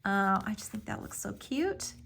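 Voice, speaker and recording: A woman's voice: mid-range voice, sing-song, moderate pace, gravelly, fairly bright tone. A woman giving a casual step-by-step craft tutorial, explaining each move with friendly fillers. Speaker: craft instructor.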